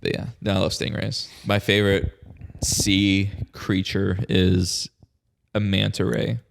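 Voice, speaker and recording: Brief: young male podcast co-host, low voice with heavy vocal fry, loose rambling delivery. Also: little pitch movement, slow pace, background noise. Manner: rambling, filler-heavy storytelling. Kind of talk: casual chat.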